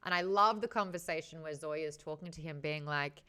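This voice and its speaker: A woman hosting a casual book discussion, chatty and animated, swearing freely and laughing often. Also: deep voice, normal speed, clean tone. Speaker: host.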